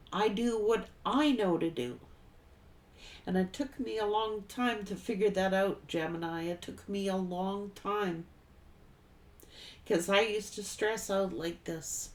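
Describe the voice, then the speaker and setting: A woman's voice: medium pitch, a little slow. A middle-aged woman giving a casual tarot reading, blunt and folksy, swearing freely and laughing often. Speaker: tarot reader.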